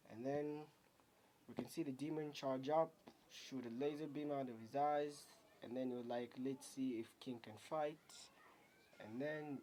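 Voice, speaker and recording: A man reviewing his own manga chapter for a video, talking casually in a halting, rambling way full of fillers. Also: medium pitch, warm tone, slight background noise.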